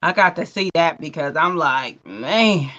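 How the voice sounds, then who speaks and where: A woman hosting a casual livestream chat, talking in lively, colloquial bursts and laughing often. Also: sits low, moderate pace. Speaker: host. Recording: muffled lo-fi stream audio.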